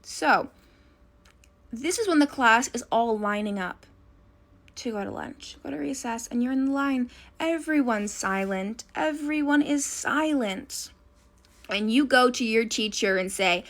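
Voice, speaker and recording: A young woman telling a school story in a casual, animated way, addressing the listener as "you". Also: a little high, unhurried. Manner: animated second-person storytelling.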